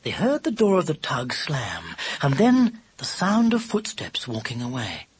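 A narrator reading a children's novel aloud in an expressive, animated storytelling manner. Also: mid-range voice, unhurried, slightly rough. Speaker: audiobook narrator.

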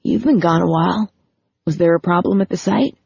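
A woman's voice: lowish voice, a little fast, creaky, slightly rough, no echo, highs cut off, heavily acted. A woman reading the part of a blunt, teasing older brother in an audiobook, with a blunt, forthright delivery. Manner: blunt, loud outbursts.

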